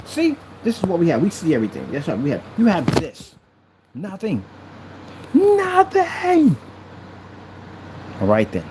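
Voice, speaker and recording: A man vlogging to the camera in a boastful, mocking tone, repeating his taunts and getting excited. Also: on the high side, slight background noise, poor audio. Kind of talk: taunting vlog talk to camera.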